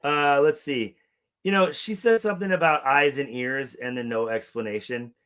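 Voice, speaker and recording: Bright-voiced profane man chatting. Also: mid-range voice, moderate pace, smooth. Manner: profane, animated, mimics characters in funny voices. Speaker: podcast co-host. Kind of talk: casual chat.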